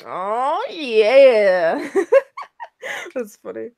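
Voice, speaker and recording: A young woman co-hosting a streamed show, talking slowly and loosely with plenty of swearing and giggles. Her pitch sits a little high and swings widely as she rambles through fillers. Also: wildly swooping pitch, creaky, a little mellow. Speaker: co-host of a streamed talk show. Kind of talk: casual, crude streaming chat.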